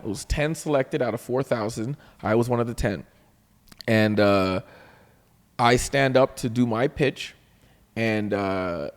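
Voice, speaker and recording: Canadian comedian guy telling a story all animated, doing everybody's voices, long reverb in the room. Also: medium pitch. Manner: animated, acts out quoted voices, laughs often. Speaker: comedian guest. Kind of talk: storytelling anecdote.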